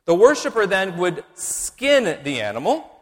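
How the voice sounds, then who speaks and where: A man delivers a teaching sermon, his voice sitting a little high and swinging widely in pitch. He drives points home by repeating them in a measured way. The sound rings with the long reverb of a church hall. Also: huge pitch swings. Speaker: pastor.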